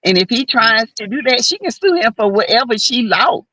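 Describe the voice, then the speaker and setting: A woman's voice: on the high side, expressive, normal speed, sharp tone, no echo, poor audio. Blunt, opinionated woman, dry close sound. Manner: blunt, opinionated, lots of backchannel hums. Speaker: co-host. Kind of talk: casual chat.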